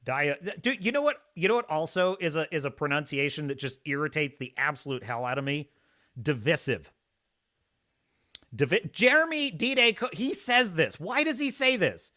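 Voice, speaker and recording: A man hosts a live stream from behind a desk mic, working through viewer comments in an animated, ranting way with frequent laughter. His voice sits a little high and has a bright, forceful edge. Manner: animated, ranting, laughs often, mocks pronunciations. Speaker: host.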